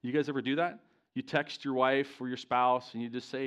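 A man's voice: medium pitch, fairly quick, clear, resonant tone, lo-fi sound. A middle-aged man preaching to a live congregation in a church, telling a personal story in a self-deprecating way and often asking the listeners questions. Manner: animated, self-deprecating, talks straight to the congregation. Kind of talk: storytelling sermon.

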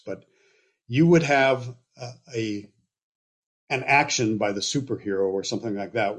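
A man teaching a Bible passage in a relaxed, conversational way, often checking in with his listeners with asides. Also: on the low side, breathy edge. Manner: relaxed, explaining with frequent okays and asides.

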